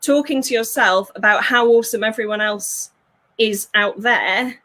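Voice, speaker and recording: A woman, working as a fulfillment coach, talks through ideas in an animated way, laughing often and acting out voices. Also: fairly high pitch, moderate pace. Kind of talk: conversational interview.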